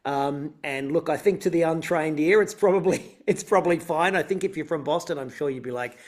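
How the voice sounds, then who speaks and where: An Australian man with a slightly raised pitch talks in an easygoing, chatty way. He is a guest in a casual interview, answering at length and sometimes laughing lightly. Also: a little fast, a little mellow.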